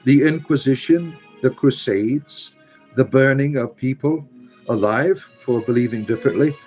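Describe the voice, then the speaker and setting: A man's voice: medium pitch, measured pace, darkish tone, faint music behind, poor audio. A man hosting a live chat, answering viewers with emphatic preaching, a put-on theatrical storyteller's accent and many "uh" fillers. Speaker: livestream host answering chat.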